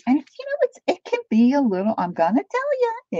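A middle-aged woman hosting a crafting livestream, chatting warmly to viewers while she works. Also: high-pitched, wildly swooping pitch, a little fast, hardly any pauses, no room sound, dull audio.

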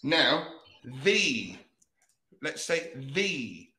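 A man teaching English pronunciation on a video call, modelling words slowly and carefully. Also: a little high, very animated, reverberant, music in the background. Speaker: English tutor. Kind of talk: online pronunciation lesson.

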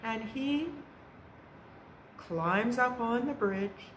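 A woman presenting a library storytime, telling a folk tale to young children in a slow, expressive way. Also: mid-range voice. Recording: roomy echo with faint background noise.

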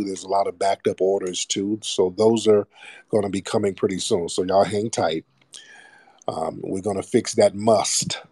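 A man's voice: on the low side, dark tone, dry recording. A man hosting a call-in show, speaking in a blunt, profane and preachy manner in a casual monologue.

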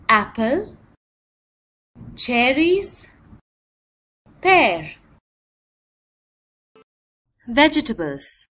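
A woman narrating a children's learning video. She names each item slowly and distinctly and imitates animal cries playfully. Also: high voice, a bit bright. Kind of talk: slow, clear teaching narration for young children.

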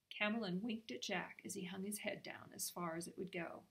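A woman's voice: medium pitch, steady tone, fairly quick, gravelly, few pauses, fairly bright tone. Woman reading a children's story. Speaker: reader. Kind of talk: storybook narration.

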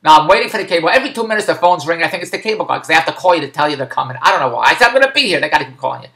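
Animated middle-aged man ranting. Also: fairly high pitch, racing. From Philadelphia. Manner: exasperated, digressive storytelling. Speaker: vlogger. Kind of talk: rambling comic monologue.

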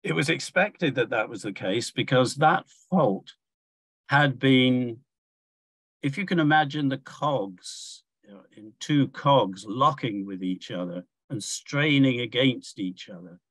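An older man giving a measured academic lecture from slides, pausing often with fillers and restarts. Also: mid-range voice, lively intonation, fairly bright tone, husky, no room sound.

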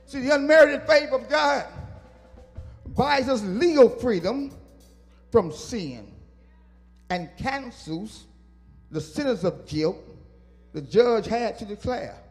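A man's voice: very high-pitched, animated, slow, long pauses, big-room sound, soft background music. A man preaching a sermon as pastor, working call-and-response with his congregation and teasing them to respond. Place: church sanctuary.

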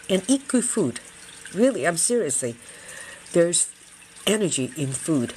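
A woman's voice: lowish voice, very animated, measured pace, pauses often, mellow, slight background noise. A middle-aged woman hosting a casual feng shui livestream, talking earnestly and chattily and often repeating her phrases.

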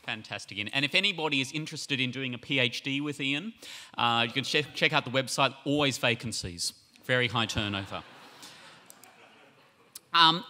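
A bright-voiced man hosts the evening, his pitch swinging widely as he jokes and introduces the next speaker. A long hall reverb trails his voice. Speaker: event host.

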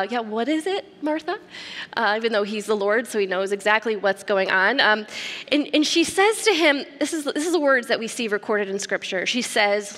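A woman preaching a sermon in a conversational, animated storytelling manner, often turning to the congregation with questions. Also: a little high. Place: church sanctuary. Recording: long church hall reverb.

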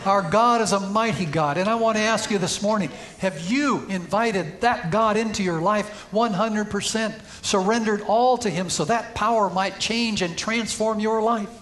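High-pitched male preacher, storytelling sermon with emphatic peaks, church setting. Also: normal speed, few pauses, a bit bright. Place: church sanctuary.

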